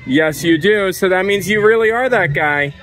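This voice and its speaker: A woman's voice: fairly low pitch, normal speed, fairly bright tone, faint music behind, some chatter behind, poor audio. A woman vlogging a family day at an outdoor zoo, playfully teasing and chatting with her kids. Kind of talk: casual family vlog chat.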